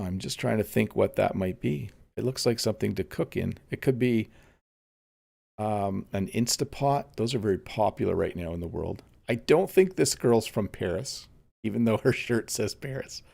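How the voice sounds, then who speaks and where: A man, teaching English in a relaxed live-streamed lesson. He thinks aloud, with frequent ums. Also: fairly low pitch, vocal fry. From Canada.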